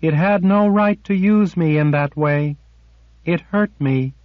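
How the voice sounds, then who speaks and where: A man voicing a timid, cold female creature made of quicksilver, speaking slowly and distantly in a storybook reading. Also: sits high, no room sound, pitched above the performer's own voice. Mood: hurt. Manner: slow, distant, wounded. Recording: dull lo-fi audiobook recording.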